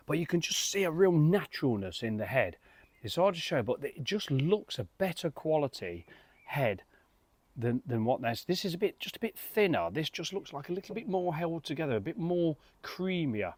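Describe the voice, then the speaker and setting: A man's voice: a little high, sing-song, normal speed, no room sound. A man, casually reviewing beer in a rambling way, full of fillers and restarts.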